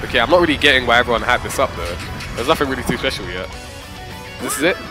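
A young man hosting a casual reaction video, slangy and excitable, often breaking into shouts and laughter. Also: mid-range voice, very fast, over music. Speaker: YouTube reaction host.

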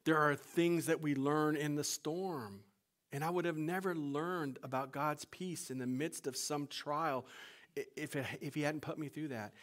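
A middle-aged man preaching a sermon, moving from loud, urgent appeals to hushed, whispered storytelling. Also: mid-range voice. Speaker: pastor.

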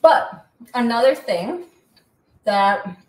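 A woman's voice: fairly high pitch, expressive, drawn-out words, far from the mic. A middle-aged woman from Canada, hosting in a casual, rambling, chatty way. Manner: chatty, rambling, self-deprecating. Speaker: host. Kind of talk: casual chat. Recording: echoey room from off-mic.

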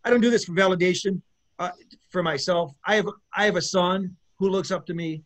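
Talking a little fast in a high voice with fairly even intonation, a middle-aged man who is a guest musician gives a loose, casual interview. He rambles, restarts many times, and laughs throughout.

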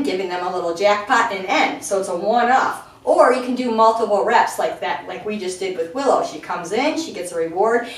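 A woman dog trainer explaining steps clearly in an instructional video, filmed indoors at home and breaking into high sing-song praise. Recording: very echoey room, far from the mic.

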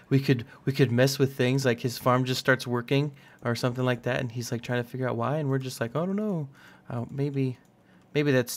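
A young man casually talking through a building game, rambling and poking fun at himself. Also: medium pitch. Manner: rambling, self-mocking and jokey. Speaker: gaming channel host. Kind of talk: casual let's-play commentary.

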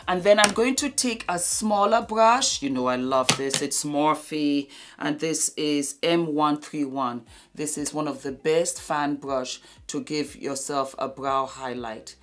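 A woman's voice: sits low, slow, hardly any pauses. A woman beauty vlogger talking through a makeup tutorial, gushing and affectionate with viewers, sometimes dropping to a murmur as she works. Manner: drops to a murmur while applying makeup.

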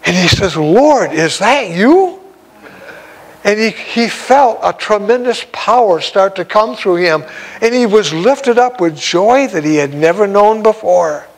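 A man's voice: high voice, measured pace, poor audio. A man, an evangelist, telling a story in a sermon in a folksy, exclamatory way with frequent chuckles.

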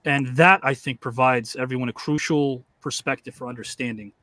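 A man hosting a live online show, speaking in a formal, measured, reflective way over a video call. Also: medium pitch, steady tone, sharp tone, no echo. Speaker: host.

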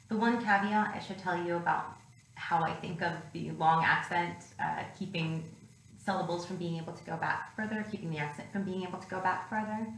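A woman teacher walks through a grammar lesson patiently, one step at a time. Her voice sits a little low. The recording is roomy, with a faint hiss behind it. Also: fairly bright tone. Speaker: Greek teacher. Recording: echoey room with faint noise.

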